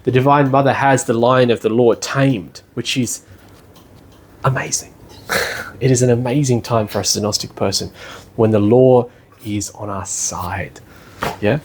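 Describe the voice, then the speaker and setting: A man's voice: medium pitch, steady tone, measured pace, pauses often. Man giving a casual classroom lecture. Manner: conversational, often checks in with "yeah?" and "you know". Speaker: lecturer at a spiritual study centre. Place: indoor classroom.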